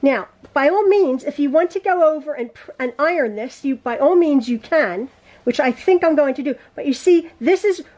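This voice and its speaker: A woman's voice: high-pitched, expressive, normal speed, a little mellow. A woman giving a chatty home sewing tutorial, rambling and correcting herself as she works at the machine. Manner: rambling, self-correcting, talks while sewing. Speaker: quilting teacher.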